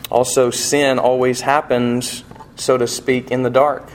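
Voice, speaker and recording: A man's voice: medium pitch, level tone, unhurried. A man preaching a sermon in a folksy, conversational storytelling manner. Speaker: pastor.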